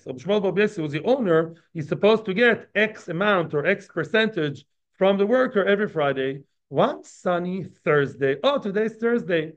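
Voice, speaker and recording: A man with a fairly high voice teaches a daily Talmud class. He talks conversationally and checks in with his listeners through quick tag questions. The recording sounds muffled and lo-fi. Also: animated.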